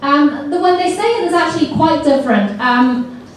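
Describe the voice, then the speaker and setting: Leading a training seminar for teachers, a woman with a slightly high voice is lively and coaxes the room into repeating words aloud. She speaks at a moderate pace, recorded from a distance in a very echoey hall with slight background noise.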